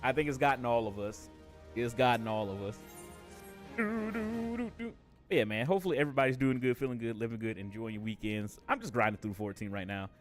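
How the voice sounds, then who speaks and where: A man's voice: fairly low pitch, fast talker, faint music behind. A man chatting casually on a game live stream, laid-back and jokey, swearing and laughing often.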